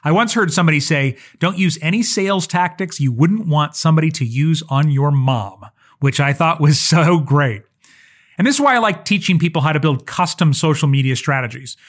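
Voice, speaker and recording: A man with a fairly high voice talks through a solo podcast episode as a social media coach. His delivery is earnest and conversational, and he drops in personal asides as he teaches. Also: fairly bright tone.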